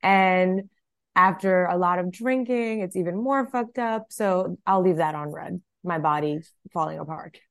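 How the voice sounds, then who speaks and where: A young woman with a fairly low voice co-hosts a podcast in casual chat. She is blunt and profane and laughs a lot. It is recorded dry and close. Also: a little slow, no echo. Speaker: podcast co-host.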